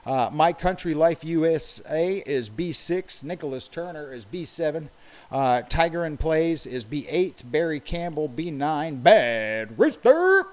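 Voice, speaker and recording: A man's voice: a little high, darkish tone. A man hosting a casual livestream, calling out bingo numbers and viewer names in a chatty, upbeat way.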